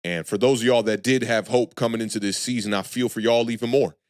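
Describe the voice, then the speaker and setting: A man hosting a live sports talk stream, talking loosely and frankly to chat viewers and shouting them out. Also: medium pitch, quick pace, no room sound, studio quality. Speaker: sports channel host.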